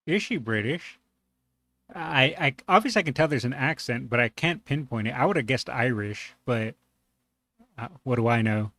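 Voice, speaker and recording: Man, reaction host, relaxed casual commentary, laughs easily, mid pitch, dry close sound. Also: moderate pace, dry recording.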